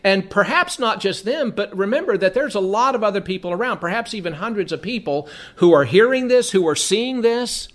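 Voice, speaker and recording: A man's voice: high voice, expressive, brisk, few pauses. A man teaching from the Bible, reading passages aloud and then explaining them in a conversational way, often repeating words as he thinks.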